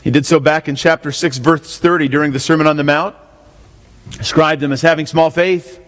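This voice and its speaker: A pastor with a high-leaning, slightly bright voice preaches an expository sermon in a steady tone at a moderate pace. He repeatedly asks his listeners questions and returns to his main points, recorded with long hall reverb.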